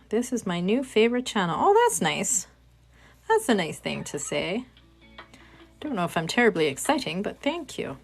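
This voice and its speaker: A woman hosting a casual livestream, talking with her viewers in a chatty, self-mocking way. She speaks slowly at a middling pitch. Faint music plays behind her. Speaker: livestream host.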